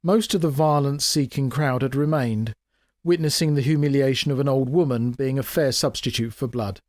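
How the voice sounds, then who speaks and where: A man reading his own comic fantasy story aloud in a wry, expressive way. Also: medium pitch, moderate pace, no echo, clean studio sound. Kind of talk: dramatic audiobook narration.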